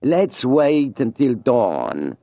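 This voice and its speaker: A man voicing a flamboyant male Italian opera singer, with a slow, theatrical, drawn-out delivery. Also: mid-range voice, very animated, creaky, no echo, muffled recording, pitched above the performer's own voice, full character voice. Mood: scheming.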